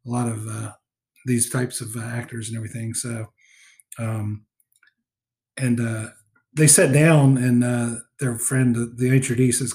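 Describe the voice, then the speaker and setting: A man's voice: medium pitch, level tone, unhurried, pauses often, darkish tone. Rambling, filler-heavy man recapping a film. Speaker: podcast co-host. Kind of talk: casual film discussion.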